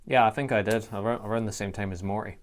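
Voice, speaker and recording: Low-voiced Scottish man chatting. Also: fairly even intonation, quick pace. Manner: brief reactive replies. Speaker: podcast co-host. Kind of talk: casual chat.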